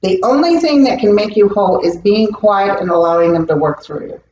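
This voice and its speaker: A woman's voice: mid-range voice, brisk, slight background noise. Earnest woman medium in a roomy room. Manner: earnest, animated storytelling. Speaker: psychic medium guest. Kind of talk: interview conversation. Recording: roomy, distant, dull recording.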